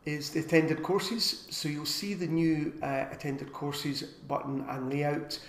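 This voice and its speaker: Chatty man with a higher voice in an echoey room. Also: fairly even intonation, a little hiss or hum. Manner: chatty, rambling, with filler pauses. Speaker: live stream co-host. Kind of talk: casual live stream chat.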